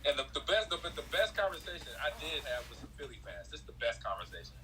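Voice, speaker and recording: A man's voice: on the high side, fast talker, a little hiss or hum, poor audio. A man in his forties, a former football player, telling stories in casual chat and acting out quotes in a raised voice. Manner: animated storyteller, acts out quotes in a raised voice.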